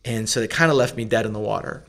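A middle-aged man speaks in a relaxed, storytelling way, his voice sitting a little low. He drops plenty of fillers and slips into little performances of the people in his story. It sounds like a casual interview. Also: fast talker, creaky. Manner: animated, acts out quoted voices, many fillers. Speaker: food company founder, guest.

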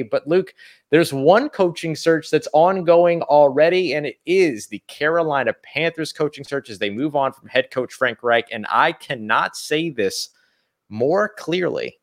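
Man, podcast co-host, sports talk, energetic, emphatic, slightly high voice. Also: measured pace.

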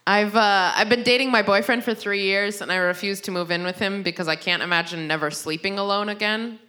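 A young woman performing a stand-up comedy set, rambling and self-deprecating, with frequent restarts and quick asides. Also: mid-range voice, sharp tone.

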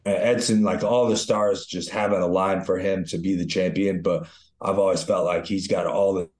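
A man with a very deep voice chats in a laid-back, enthusiastic way, dropping the odd swear word. His voice bounces around a roomy, echoey space, like an untreated room. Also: steady tone, normal speed, darkish tone. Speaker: co-host, retired fighter. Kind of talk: casual podcast chat. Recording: roomy echo.

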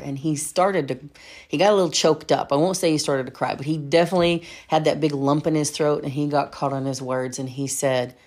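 Woman, middle-aged, deep voice, encouraging, reflective podcast host. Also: gravelly, a little mellow. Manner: earnest, encouraging, storytelling. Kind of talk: reflective solo podcast talk.

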